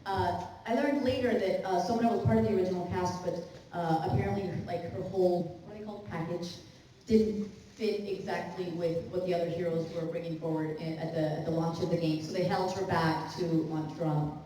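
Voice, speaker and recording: A woman voice actor answering at a convention panel, chatty and animated as she tells a story. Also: lowish voice, fairly quick, slight background noise. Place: large convention hall. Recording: echoey hall, far mic.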